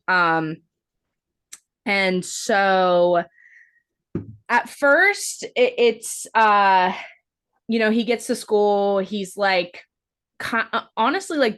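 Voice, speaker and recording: A woman co-hosting a podcast walks through a movie's plot in loose, everyday talk. She rambles and peppers her sentences with "like," with a swear word slipping in here and there. Her voice sits at a medium pitch for a woman. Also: fairly bright tone. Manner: rambling, with lots of "like" fillers and casual swearing. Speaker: podcast co-host. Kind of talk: casual movie-review chat.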